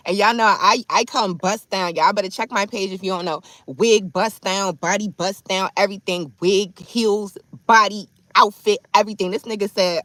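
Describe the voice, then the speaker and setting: A woman's voice: mid-range voice, fairly even intonation, normal speed, hardly any pauses, bright, forceful tone, no room sound. A woman in her thirties telling a chatty, slangy story to her livestream chat. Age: 30s.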